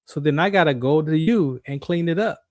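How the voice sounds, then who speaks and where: A man's voice: fairly high pitch, brisk, darkish tone, dry recording, studio quality. A man hosting a radio show, giving an emphatic, repetitive faith talk monologue in a preacher-like way.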